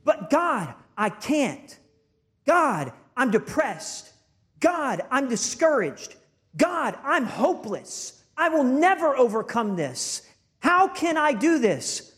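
A man's voice: very animated, slow pace, fairly bright tone, big-room sound, heavily acted. A preacher playing a despairing man pleading with God. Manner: high, strained, pleading whine.

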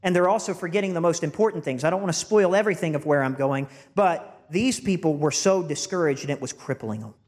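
A man preaching a sermon with a slightly high-pitched voice. He speaks earnestly and with emphasis, often stumbling into repeated words as his points build. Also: quick pace, few pauses, a little mellow. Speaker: pastor.

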